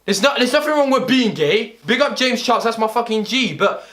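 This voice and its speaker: High-voiced young London man. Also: a little fast. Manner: heavy street slang, deadpan delivery. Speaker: comedy video creator. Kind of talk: comedic rap with spoken explanations.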